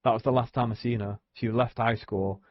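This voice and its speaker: A man's voice: mid-range voice, fairly even intonation, fairly quick, dry recording, muffled recording. A young man, rambling casually on a live stream, swearing often and filling gaps with "you know what I mean". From England.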